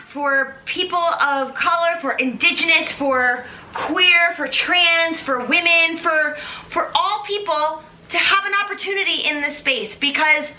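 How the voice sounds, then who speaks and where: A woman with a high, piercingly bright voice hosts a casual chat. She gushes and rambles excitably, piling on fillers as she goes. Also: roomy sound. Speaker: host. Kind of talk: casual recap talk.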